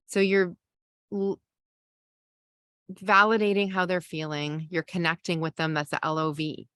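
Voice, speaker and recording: A middle-aged woman with a fairly low voice teaches parents in a calm, gentle coaching tone. She takes slow pauses and lets out soft sighs between points. Her voice is close and dry, with no room sound. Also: clean tone, no room sound. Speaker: parenting podcast host.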